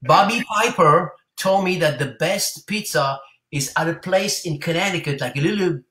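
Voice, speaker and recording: A man's voice: on the high side, normal speed, bright, forceful tone, roomy sound, rough recording. A man with a French accent, a guest singer chatting playfully and hamming up a New York accent. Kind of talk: casual interview chat.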